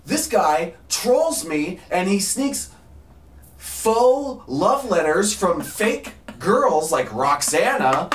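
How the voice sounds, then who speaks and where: Man in casual chat, lively and laughing, recorded in a roomy space with faint background noise. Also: high-pitched, extremely slow. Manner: laughing, animated storytelling. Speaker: rehab resident telling prank stories. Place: room in a residential rehab house. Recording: echoey room, faint ambient noise.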